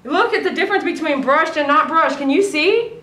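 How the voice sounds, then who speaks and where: A woman dog groomer giving casual running commentary while she works, chatty and softly cooing to the dog. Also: high-pitched, expressive, a little fast. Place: grooming salon. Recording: echoey room, mic at a distance.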